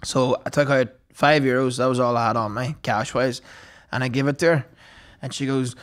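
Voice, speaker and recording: A man's voice: medium pitch, fairly even intonation, fairly quick. A man, co-hosting a podcast and telling sweary, joking anecdotes. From Northern Ireland. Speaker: podcast co-host. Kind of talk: casual chat.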